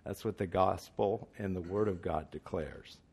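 A man preaches a sermon at a church meeting in a fairly low voice. He is earnest and emphatic and often puts questions to his listeners. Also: normal speed, darkish tone, breathy edge.

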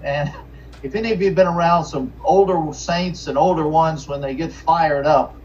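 A man, a pastor from Richmond preaching an earnest sermon with halting restarts and fillers. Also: fairly high pitch, steady tone. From Richmond, Virginia. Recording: distant, dull lo-fi mic with faint noise.

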